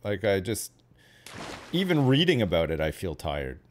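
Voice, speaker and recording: Low-voiced man chatting. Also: huge pitch swings, normal speed, a little hiss or hum. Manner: rambling, hedging, many fillers and tag questions. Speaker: streamer host. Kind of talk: casual chat while gaming.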